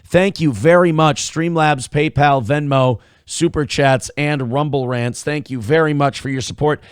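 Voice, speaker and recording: Crude, rambling morning show host. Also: male voice, a little high, unhurried, clear, resonant tone, no echo, studio quality. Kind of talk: casual live-stream commentary.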